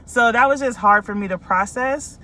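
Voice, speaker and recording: A woman's voice: fairly high pitch, normal speed, bright, forceful tone. A woman life coach from California, talking casually and candidly to her followers about her own experience, with many ums and likes.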